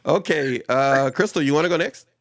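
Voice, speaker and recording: A man's voice: a little high, brisk, no echo. A man hosting a casual panel chat on a live stream, teasing his guests and laughing often. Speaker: host. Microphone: video call.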